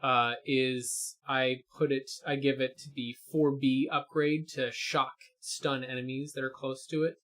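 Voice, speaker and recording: A man's voice: medium pitch, little pitch movement, measured pace, hardly any pauses, a bit bright. Rambling man explaining game builds. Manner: hesitant, many fillers and restarts, explaining game builds. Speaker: co-host of a gaming stream. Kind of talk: casual chat while gaming.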